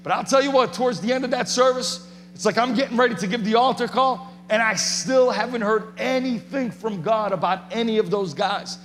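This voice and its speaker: High-voiced preacher in a reverberant hall. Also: male voice, a little fast. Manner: shouts passionately at times. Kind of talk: sermon testimony.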